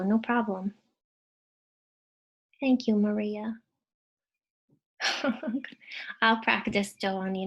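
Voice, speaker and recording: A woman's voice: medium pitch, slightly rough. A woman teacher presenting a live webinar in a casual, bubbly way, thanking viewers and muttering to herself while she fixes tech trouble on a computer mic.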